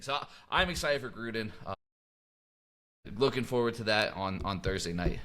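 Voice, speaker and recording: A man co-hosting a sports podcast, chatting casually and ribbing his co-host with quick banter. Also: fairly low pitch, expressive, a bit bright.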